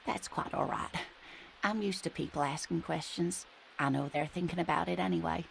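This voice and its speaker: An actress voicing a chatty, kindly older married woman in a video game, speaking gently and teasing a little. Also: lowish voice, moderate pace, slight background noise. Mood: gentle. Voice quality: gravelly, creaky.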